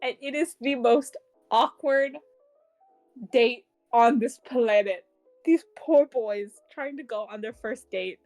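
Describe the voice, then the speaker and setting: A woman's voice: on the high side, slow pace, a little mellow, soft background music. A woman co-hosting a book club podcast, chatting casually about a novel, giggling often and swearing freely as she gushes. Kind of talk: casual chat recapping a novel.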